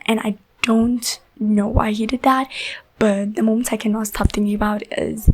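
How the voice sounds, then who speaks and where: A woman's voice: on the high side, husky, rough recording. A woman giving a casual, rambling spoiler review of a book, full of "like" and "you know", emotionally invested and often dropping into a half-whisper.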